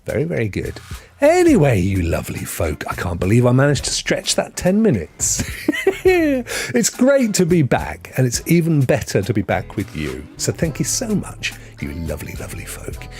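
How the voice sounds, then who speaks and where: A man's voice: mid-range voice, wildly swooping pitch, moderate pace, darkish tone, faint music behind. A man hosting a live stream, chatting casually and answering viewers in the chat. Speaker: streaming host.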